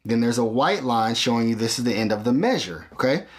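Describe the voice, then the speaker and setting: A man's voice: mid-range voice, expressive, a little fast. Man, synth tutorial host, patient step-by-step explaining, keeps checking in, drum sounds playing behind. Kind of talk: hands-on equipment tutorial.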